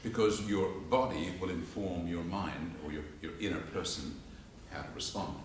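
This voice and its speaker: A public speaking teacher from Australia, low-voiced and at a moderate pace, gives an informal lecture with demonstrations to a live audience in a church hall. He tells animated stories, acting out quotes and laughing along. It is recorded from a distance in the echoey hall, with slight hiss or hum.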